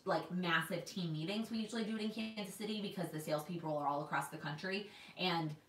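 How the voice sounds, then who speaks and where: A woman's voice: on the low side, fast talker, far from the mic. Chatty woman in her twenties, roomy echo. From Texas. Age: 20s. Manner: chatty, reads viewer comments aloud, restarts often. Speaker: planner vlogger. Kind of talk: casual livestream chat with viewers. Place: home in New York.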